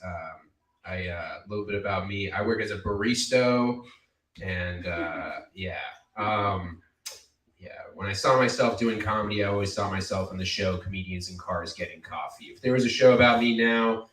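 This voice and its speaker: A man doing a stand-up comedy set, rambling and halting, with many fillers, in a basement cafe. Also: low voice, fairly bright tone. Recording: echoey basement, distant mic.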